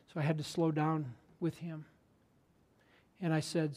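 Male pastor, sermon delivery, slightly high voice, earnest and conversational, hushes for emphasis. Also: flat delivery, a little slow.

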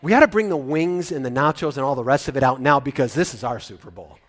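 Speaking at a quick pace with a medium-pitched voice, a middle-aged pastor gives a sermon. He swings animatedly from booming excitement down to hushed, emotional, choked-up moments.

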